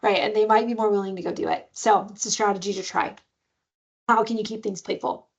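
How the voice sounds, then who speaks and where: A woman leading a parenting webinar over a video call, speaking in a loose, conversational way with lots of "um"s. Her pitch sits in a medium range, and the audio is a bit dull and lo-fi. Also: fairly even intonation, brisk. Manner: conversational, many fillers, acts out playful sing-song voices. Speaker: webinar presenter on adoptive parenting. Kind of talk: instructional webinar talk.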